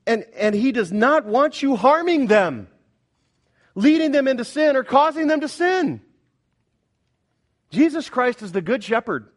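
A man preaching a Sunday sermon as pastor, emphatic, swinging between loud declarations and hushed prayerful passages, often asking the congregation questions. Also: extremely high pitch.

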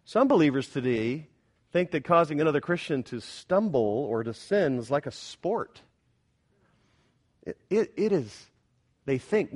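A man preaching a Sunday sermon as pastor, emphatic, swinging between loud declarations and hushed prayerful passages, often asking the congregation questions. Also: fairly high pitch.

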